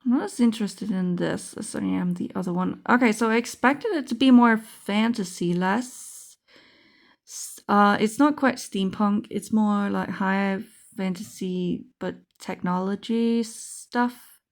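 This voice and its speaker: Slow, gravelly-voiced woman musing aloud. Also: medium pitch. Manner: musing, thinking aloud with fillers. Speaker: card game vlogger. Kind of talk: casual unboxing chat.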